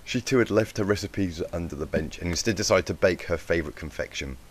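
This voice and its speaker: Low-voiced man reading a story aloud. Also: fast talker, breathy edge. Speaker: fanfic reader. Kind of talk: storybook narration.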